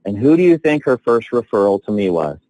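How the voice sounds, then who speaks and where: A man coaching salespeople on a training call, telling stories with excitement and lively swings in his voice. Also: lowish voice, brisk, no room sound, rough recording. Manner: enthusiastic, animated storytelling with big swings.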